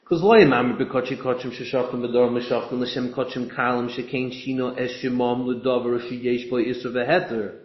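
A man's voice: medium pitch, steady tone, normal speed, hardly any pauses. Man chanting Talmud in an echoey room. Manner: chanting text in singsong, thinking aloud. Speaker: study partner. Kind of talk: Talmud study discussion. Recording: echoey room, dull lo-fi sound.

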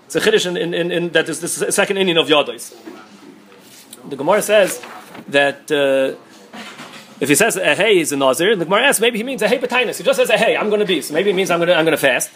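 Rapid-fire high-voiced rabbi teaching Talmud. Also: male voice, expressive, fairly bright tone. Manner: rapid, restarts often, mixes Hebrew-Aramaic terms. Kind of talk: quick Talmud study lecture.

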